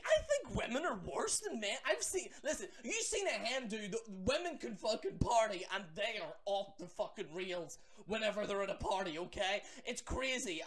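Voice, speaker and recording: A man ranting to the camera about wrestling fans, animated and profane, with mocking asides. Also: very high voice. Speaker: wrestling vlogger. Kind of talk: ranting commentary.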